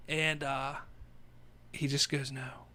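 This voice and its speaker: A man's voice: on the high side, fairly even intonation, moderate pace, a bit bright. A man co-hosting a podcast, retelling a film plot in a casual, rambling way full of "you know.". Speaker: podcast co-host. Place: indoor room, across a table from his co-host.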